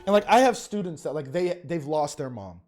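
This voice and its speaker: A young man, a teacher, giving casual, emotional fan commentary in a reaction video, often halting and restarting. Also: on the high side, lively intonation, a little mellow, soft background music.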